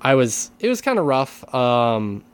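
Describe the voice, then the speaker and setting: A man's voice: mid-range voice, big pitch swings, measured pace, smooth. A man co-hosting a casual podcast, talking with many restarts and careful hedging. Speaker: podcast co-host and teacher.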